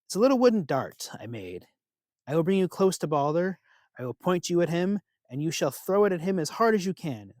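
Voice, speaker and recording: Man doing a sneaky trickster god, smooth and coaxing, dry close sound. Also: fairly high pitch, darkish tone, dry recording, pitched above the performer's own voice, close to an everyday voice. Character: sly trickster god, falsely friendly.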